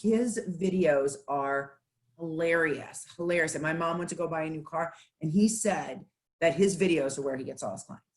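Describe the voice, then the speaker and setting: Panelist, video call, animated storyteller, enthusiastic, casual. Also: medium pitch, moderate pace.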